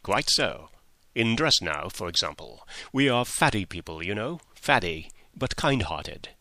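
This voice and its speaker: Brief: man doing coaxing fussy employer, bright crisp tone, lowish voice, dry close sound. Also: sing-song, unhurried, dry recording, full character voice. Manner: coaxing, repeats himself, ends on "eh?". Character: jovial, pushy middle-aged male employer.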